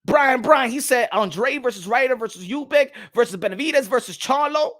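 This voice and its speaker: A man in the host's seat of a boxing live stream delivers a fired-up, profane rant. His voice sits very high and sounds bright and forceful. He stumbles and repeats words as he keeps breaking off to greet people in the chat. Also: lively intonation, moderate pace. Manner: greets chat viewers by name mid-rant. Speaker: boxing commentary host.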